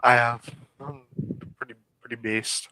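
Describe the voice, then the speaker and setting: A man's voice: medium pitch, steady tone, unhurried, bright, forceful tone, slight background noise, low-quality recording. A man in casual chat on a stream, teasing friends with crude jokes. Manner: joking, teasing, crude humor.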